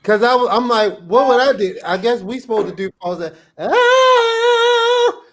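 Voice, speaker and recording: A man with a notably high speaking voice hosts a live video call show. He is playful and excitable, joking with his guests. It sounds like a video call mic. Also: fast. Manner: playful, excitable, laughs often. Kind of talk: casual live-stream banter.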